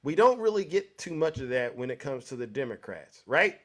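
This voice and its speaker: A man's voice: mid-range voice, sing-song, moderate pace, a bit bright. A man hosting a live call-in show who debates a caller in a pressing, rhetorical way, keeps asking "right?" and cuts in to steer the talk.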